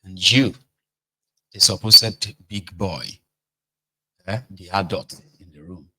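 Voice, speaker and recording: A man's voice: deep voice, steady tone, takes it slowly, bright, forceful tone, husky, low-quality recording. A man giving casual political commentary, talking directly to his viewers and checking in with them often. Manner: conversational, mixes in Pidgin, checks in with "okay? right?".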